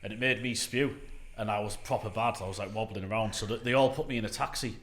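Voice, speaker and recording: A man's voice: lowish voice, quick pace, fairly bright tone. A man, a guest on a casual podcast, rambling through a story with lots of fillers. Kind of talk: casual chat.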